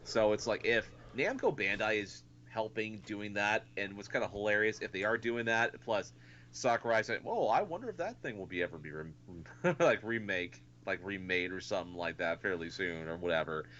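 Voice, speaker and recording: A man's voice: lowish voice, normal speed, a bit bright, a little hiss or hum. A man co-hosting a podcast in casual chat, rambling with lots of "and stuff" fillers. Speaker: podcast co-host. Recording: dull lo-fi podcast audio.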